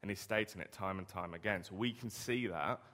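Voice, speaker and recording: Man, preacher, low voice, chatty sermon, rhetorical questions, echoing hall. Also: a little fast, sharp tone. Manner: conversational, asks the listeners rhetorical questions. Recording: long reverb of a hall.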